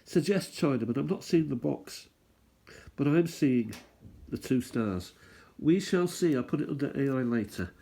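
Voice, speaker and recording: A man's voice: medium pitch, expressive, moderate pace, creaky, warm tone, husky. A man hosting a stamp collecting channel, rambling and thinking aloud as he chats casually through what he's showing. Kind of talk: casual show-and-tell chat.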